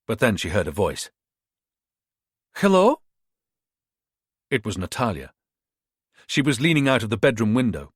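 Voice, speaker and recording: A man narrating a thriller audiobook in a measured, expressive reading. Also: fairly low pitch, slightly rough, no room sound, studio quality.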